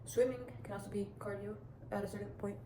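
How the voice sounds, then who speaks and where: In an echoey, roomy recording with noticeable background noise, a teenage girl vlogger talks fast and meanders through casual advice, looping back on herself with frequent restarts and "like" fillers. Her intonation is fairly even.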